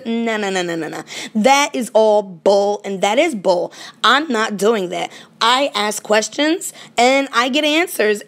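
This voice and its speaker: A woman paranormal vlogger ranting casually and indignantly straight to her viewers. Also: fairly high pitch. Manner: animated, indignant, talks to viewers directly. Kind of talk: casual direct-to-camera rant.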